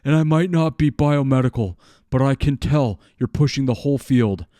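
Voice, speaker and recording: A man mockingly reading a comic-book woman scientist's lines in a raised, breathy, sing-song put-on voice. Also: medium pitch, moderate pace, mellow, no echo, voice pushed up, natural voice.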